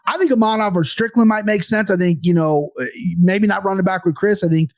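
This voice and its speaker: Midwest guy, laid back, talks fight stuff, voice on the higher side. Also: brisk, dry recording, clean studio sound. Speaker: podcast co-host. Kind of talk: casual sports podcast chat.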